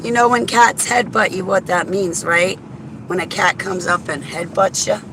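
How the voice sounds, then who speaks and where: A woman's voice: on the low side, steady tone, moderate pace. A woman chatting casually while driving, rambling to herself and greeting viewers by name. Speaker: vlogger. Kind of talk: casual driving vlog chat. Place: inside a car on a highway. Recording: road and wind noise in a car.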